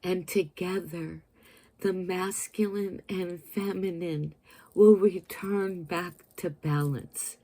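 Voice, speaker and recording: A woman's voice: on the low side, fairly even intonation, takes it slowly, mellow. A woman in her fifties, a vlogger giving an earnest, emotional spiritual message straight to her viewers. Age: 50s. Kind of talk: heartfelt spiritual talk to camera.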